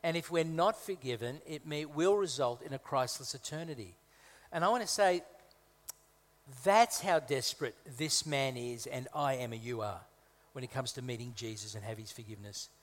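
Male guest preacher from Malta, conversational sermon, humorous asides, emphatic repeats, mid-pitched voice, long hall reverb. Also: moderate pace. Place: church hall.

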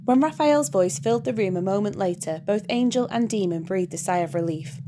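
A woman's voice: mid-range voice, brisk, few pauses. Woman narrating a story over hiss. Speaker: audiobook narrator. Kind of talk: reading fan fiction aloud. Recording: background hiss.

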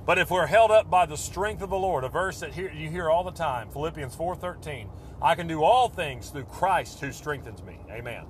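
A man preaching a sermon with fervent, repetitive phrasing that swells and then drops to a hush. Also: a little high, lively intonation, normal speed, hardly any pauses, slight background noise.

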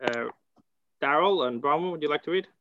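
An American man leads a Torah lesson and keeps asking his students rhetorical questions. His voice sits a little high. The sound is muffled and dry. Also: fairly quick, fairly bright tone, no room sound. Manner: conversational, asks rhetorical questions. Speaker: rabbi teaching a class. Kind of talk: online Torah class.

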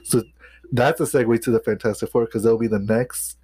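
A man's voice: medium pitch, steady tone, brisk, dark tone, husky. A man co-hosting a podcast in casual chat, rambling and hesitant with many restarts. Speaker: podcast co-host.

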